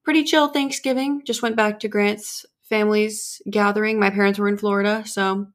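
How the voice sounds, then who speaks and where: A woman's voice: medium pitch, steady tone, normal speed. A woman in her twenties co-hosting a podcast, chatting casually and telling rambling stories. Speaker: podcast co-host. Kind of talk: casual chat.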